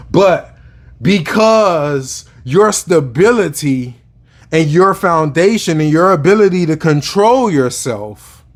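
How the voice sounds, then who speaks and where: Profane man venting to camera. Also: on the high side. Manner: casual, profane, rambling with fillers. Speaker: spiritual vlogger.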